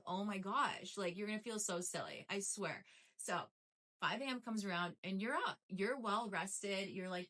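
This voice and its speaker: Bright-voiced chatty young woman vlogger. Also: mid-range voice, unhurried. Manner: chatty and emphatic, fillers and repetition. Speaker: lifestyle vlogger. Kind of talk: casual motivational talk to camera.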